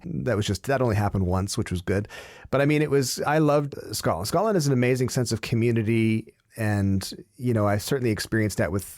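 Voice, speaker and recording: A man's voice: on the low side, a little mellow, no room sound, studio quality. A man chatting as an interview guest, telling stories in a loose, anecdotal way. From Canada. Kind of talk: casual interview chat.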